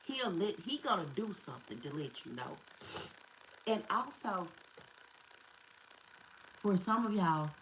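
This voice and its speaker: A woman's voice: lowish voice, slight background noise, poor audio. A woman giving a casual spiritual tarot reading, emphatic and repetitive, slipping into slang and curses. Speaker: tarot reader.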